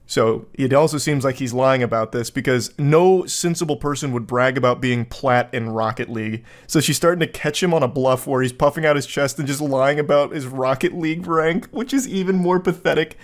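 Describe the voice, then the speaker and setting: A man's voice: medium pitch, fairly quick, few pauses. A man giving sarcastic, exasperated commentary while reading out text messages, often breaking into laughter.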